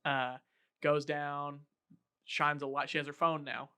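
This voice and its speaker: On his casual podcast, a host with a clean-toned voice on the high side talks a little slowly. He tells the story of a film scene by scene with real animation, performing the quotes himself.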